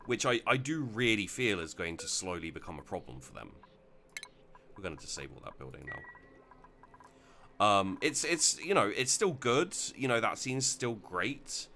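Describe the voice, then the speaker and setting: A man's voice: fairly low pitch, big pitch swings, normal speed, few pauses, bright, forceful tone, a little hiss or hum. A man hosting a let's play, talking casually with lots of restarts and fillers while he plays. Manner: rambling, many restarts and fillers. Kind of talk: casual gameplay commentary.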